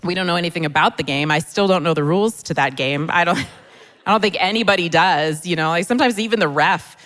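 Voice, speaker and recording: A middle-aged woman with a fairly low, fairly bright voice does self-deprecating stand-up on a church hall stage. Chatty and conversational, she pauses for audience laughs, and the recording carries long hall reverb.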